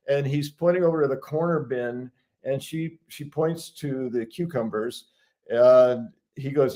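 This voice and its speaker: Man, casual storyteller, middle pitch, frequent chuckles, restarts. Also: moderate pace, a little mellow. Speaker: guest sharing an anecdote. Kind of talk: casual live-stream chat.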